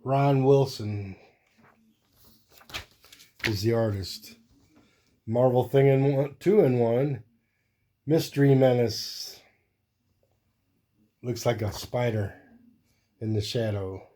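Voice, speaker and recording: A relaxed man talks his way through a pile of comics at an unhurried pace. His voice is warm and mellow, and he wanders easily from one aside to the next. It sounds like a casual show-and-tell hosted on his own channel. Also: mid-range voice. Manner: rambling, easygoing, thinks aloud while flipping through comics. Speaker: host.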